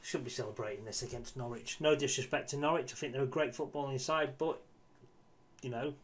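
A man's voice: mid-range voice, fairly quick. A man giving casual, exasperated commentary on his football management game, swearing and talking to his viewers. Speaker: gaming YouTuber.

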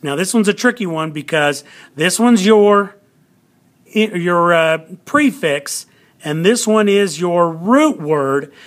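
Male teacher, patient and unhurried, somewhat high voice, walks students through a lesson. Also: a bit bright. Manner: slow, patient, repeats words for emphasis. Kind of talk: classroom lesson video.

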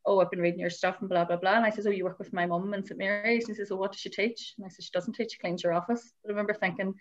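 Woman, panel chair, rapid chatty talk, dull lo-fi audio. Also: medium pitch, fairly even intonation. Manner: chatty, quick, anecdotal.

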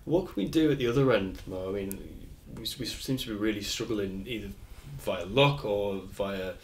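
A man's voice: on the low side, moderate pace, slight background noise. A man interviewing a coach for a club, asking plain conversational questions.

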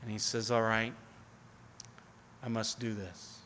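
A man preaching a sermon as pastor, earnestly, rising to pleading appeals and falling to near-hushed tones. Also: lowish voice, flat delivery, slow, a little hiss or hum. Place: church sanctuary. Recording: long hall reverb.

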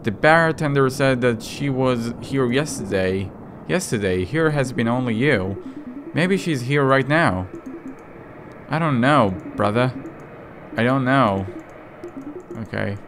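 Male game commentator, jokey delivery, reads in-game lines aloud, bursts into outcries, mid-pitched voice. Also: animated, slow pace, noisy background. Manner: joking, reading in-game lines aloud with sudden outbursts. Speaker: gaming commentator. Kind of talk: let's play commentary.

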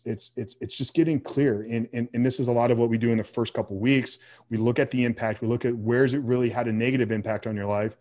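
A man with a low, mellow voice answers questions as a coach on a podcast. He speaks earnestly and with conviction, often stalling on fillers and restarting his sentences. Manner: earnest, faith-driven, with many fillers.

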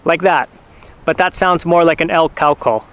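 A hunting channel host gives casual how-to instruction on turkey calls. His male voice is a bit high-pitched with a clean, smooth tone, and he explains patiently step by step, relaxed and speaking in short, halting phrases full of fillers.

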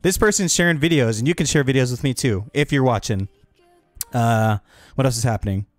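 A man's voice: mid-range voice, a little fast, no echo. A man streaming live, chatting casually and upbeat with his viewers.

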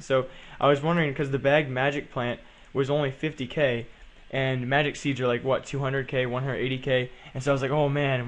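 Teen guy, rambly and chatty, self-correcting, talking over his own game footage. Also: medium pitch. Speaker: gaming channel host. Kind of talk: casual gameplay commentary.

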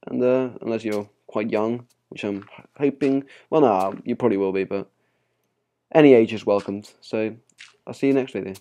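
A young man with a Spanish accent gives rambling, casual commentary as he plays. His voice sits a little low and sounds mellow and relaxed. He fills his talk with ums and small laughs. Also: moderate pace, lo-fi sound. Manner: rambling and chatty, with many fillers and small laughs. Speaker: gaming channel host.

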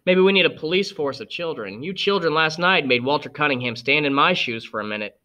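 A man voicing a calm, wise middle-aged father who reasons gently and evenly. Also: on the high side, fairly quick.

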